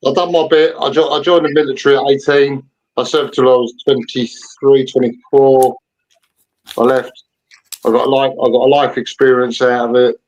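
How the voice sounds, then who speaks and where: A guest on a live stream, a man, answering in short, halting, defensive replies. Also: mid-range voice, fairly even intonation, a little mellow, highs cut off.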